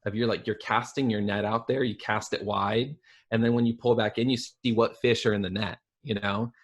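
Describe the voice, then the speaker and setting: A man's voice: on the low side, steady tone, normal speed. A man guesting on a podcast, talking casually and earnestly, building his points through repetition. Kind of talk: casual conversational chat.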